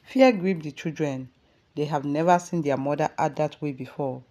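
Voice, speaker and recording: A woman with a Nigerian accent narrating a dramatic family story in a steady storytelling voice. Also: low voice, normal speed.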